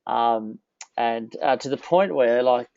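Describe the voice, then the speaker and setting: A man's voice: medium pitch, takes it slowly, vocal fry, darkish tone, no echo. Australian male host, enthusiastic and chatty, dry muffled call audio. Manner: enthusiastic, many fillers, laughs often. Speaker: interview host. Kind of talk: casual interview chat.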